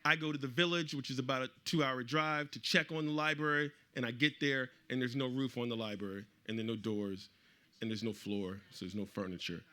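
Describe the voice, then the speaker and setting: A middle-aged man tells a personal story to a live audience, his voice bright and forward. He is animated and acts out the people he quotes. His pitch sits in an ordinary middle range. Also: fairly quick. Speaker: author speaking at a book event.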